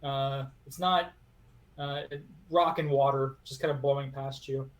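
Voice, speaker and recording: A man narrating a tabletop game as game master, halting and full of fillers. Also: medium pitch, steady tone.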